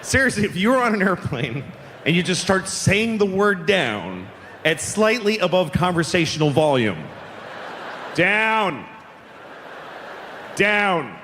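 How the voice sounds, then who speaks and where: A man doing live stand-up comedy, animated and acting out voices and sound effects. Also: high-pitched, normal speed, a little hiss or hum. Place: large live comedy venue. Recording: reverberant live venue with faint ambience.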